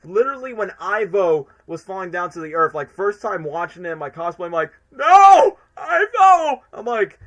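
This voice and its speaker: A man's voice: high voice, brisk, hardly any pauses, a bit bright. A young man chatting on a live stream, rambling enthusiastically with lots of fillers. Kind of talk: casual live-stream commentary.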